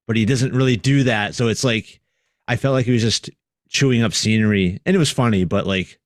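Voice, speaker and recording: A man's voice: medium pitch, brisk, no room sound, clean studio sound. A man talking casually and frankly about films as a guest in a roundtable chat, with lots of "dude" and "like".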